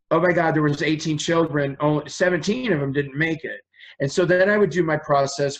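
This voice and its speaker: A man speaks in a voice a little higher than most men's, telling his stories in an earnest, rambling way. He is the guest in a casual interview. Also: poor audio. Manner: earnest, rambling, acts out quoted dialogue. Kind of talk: conversational storytelling.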